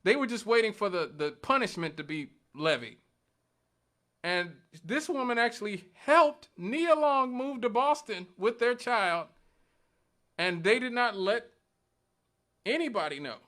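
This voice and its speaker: A man's voice: sits high, animated, a little slow, sharp tone. A male radio talk show host giving an emphatic, argumentative monologue, repeating points for stress. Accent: Northwest Indiana.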